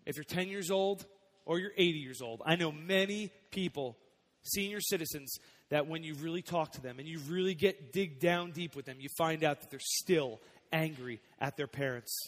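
A young male pastor delivers a sermon in a chatty, personal way, his slightly high voice dropping quiet and then swelling on key points. The sound carries a long reverb, like a large church sanctuary. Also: normal speed. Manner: conversational preaching, swings between soft and emphatic.

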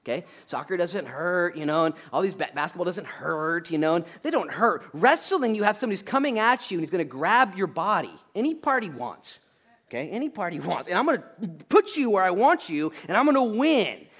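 Man, pastor, conversational sermon, a bit high-pitched, animated, joking, emphatic. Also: brisk, few pauses. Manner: animated and joking, with sudden loud acted-out asides; emphatic, repeats his points with "okay?".

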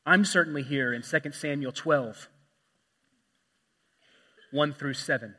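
High-voiced preacher in a reverberant hall. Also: male voice, unhurried. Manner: dynamic preaching, swinging from loud emphasis to hushed asides. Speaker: pastor. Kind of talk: sermon.

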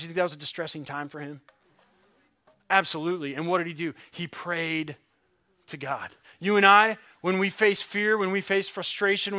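A man preaching a sermon, earnest, reading scripture slowly and dropping to a hush on key words. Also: sits high, dry recording, studio quality. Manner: reads scripture slowly and deliberately. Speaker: pastor.

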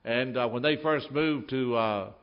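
A man's voice: medium pitch, measured pace. A male preacher delivers a story-driven sermon in a church, pressing each point with emphasis and playing out the scenes. His voice sits in a middle register, and the recording sounds dull and lo-fi. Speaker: pastor.

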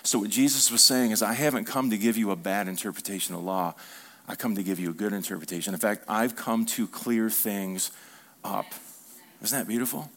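A male pastor preaching an animated sermon to a congregation, acting out quoted dialogue and calling for responses. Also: fairly low pitch, a little fast.

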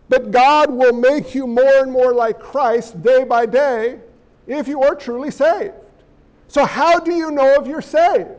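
A male pastor preaching an animated sermon, throwing rhetorical questions at the congregation and slipping in joking asides. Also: extremely high pitch.

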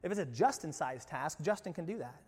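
Man, pastor, high voice, lively conversational sermon, long reverb of a church hall. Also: a little fast, husky. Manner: conversational, animated, asks the congregation questions. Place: church sanctuary.

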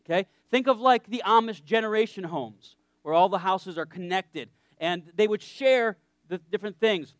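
High-voiced joking preacher man. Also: moderate pace, hardly any pauses, no room sound, clean studio sound. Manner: conversational and joking, checks in with listeners. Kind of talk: sermon.

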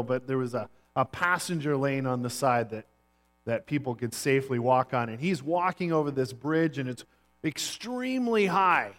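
A male pastor preaching to his church in a high-pitched voice. He tells stories in a loose, conversational way, often pausing on fillers. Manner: relaxed storyteller with frequent fillers. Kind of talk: sermon.

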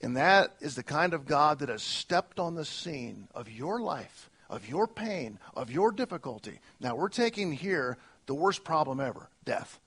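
A male pastor preaching a sermon earnestly, moving between soft, slow lines and emphatic ones. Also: a little high, sing-song, slightly rough.

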